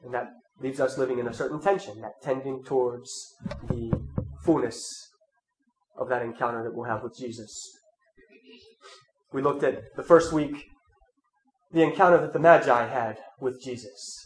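Nasal congested man preaching in an echoey room. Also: mid-range voice. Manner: measured, reflective, with soft asides. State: congested from a cold. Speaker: preacher leading an Advent talk series. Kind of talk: scripture reading then sermon talk. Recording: roomy echo, faint ambient noise.

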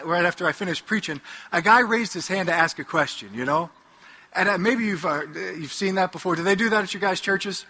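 Male priest with a high, very bright voice, animated and funny, preaching in a hall on a headset mic. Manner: animated, joking storyteller. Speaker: Catholic priest. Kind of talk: humorous preaching to a live audience. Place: hall before an audience.

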